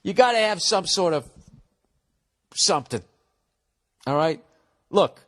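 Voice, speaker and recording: A man's voice: high voice, expressive, takes it slowly. A man hosting a podcast, ranting casually and bluntly while reading out listener emails, swearing and laughing often. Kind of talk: casual profane rant.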